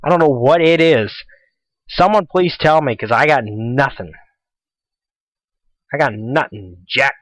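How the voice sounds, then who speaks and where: A man's voice: mid-range voice, measured pace, long pauses, dry recording, poor audio. A teenage boy hosting a casual school radio show, rambling and repeating himself as he chats. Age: teens. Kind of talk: casual solo radio talk.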